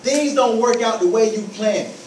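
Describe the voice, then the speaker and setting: High-voiced man giving an emphatic motivational talk. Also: moderate pace, a little mellow, reverberant, recorded from a distance, a little hiss or hum, rough recording. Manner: emphatic, repeating phrases, acts out scenes. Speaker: motivational speaker.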